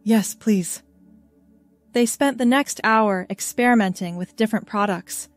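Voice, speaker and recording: A woman reading a scripted story aloud in a calm, even storybook manner. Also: a little high, normal speed, no echo, soft background music.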